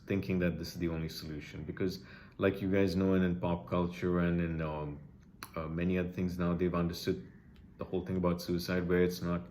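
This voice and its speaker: A man with a very low, deep voice talks straight to his viewers with heartfelt urgency. He sounds emotional, pleading, and leans on repeated phrases to drive each point home. Faint room ambience sits quietly behind him. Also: a little hiss or hum. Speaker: vlogger sharing personal experience. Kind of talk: earnest personal address to camera.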